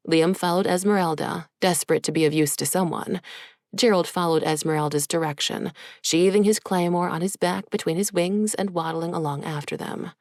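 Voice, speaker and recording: A woman narrating an audiobook in an even, measured way. Her voice sits low, and the recording is close and dry with no room sound. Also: no echo. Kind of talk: scripted narration.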